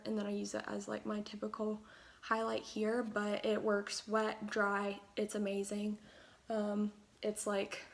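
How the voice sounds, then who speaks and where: Chatty young woman with a gravelly edge. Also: mid-range voice, a bit bright. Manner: chatty, rambling with fillers and asides. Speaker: beauty vlogger. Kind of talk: makeup tutorial chat.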